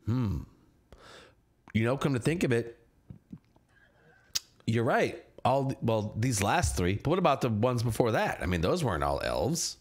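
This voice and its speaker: A man's voice: mid-range voice, big pitch swings, measured pace, long pauses, voice pushed down. A man voicing a shifty male city guard who deflects questions hesitantly. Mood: evasive.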